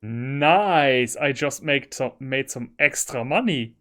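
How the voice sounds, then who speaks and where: A man's voice: medium pitch, measured pace, few pauses, a bit bright. A man from Germany with a German accent, casually commenting on a game he plays, laughing often and reading lines aloud. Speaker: gaming streamer. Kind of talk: casual let's-play commentary.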